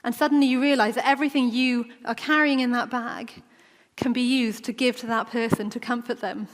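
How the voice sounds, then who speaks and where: Woman, preacher, conversational sermon, higher voice, long church reverb. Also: steady tone, fairly quick. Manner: conversational, acts out quoted voices.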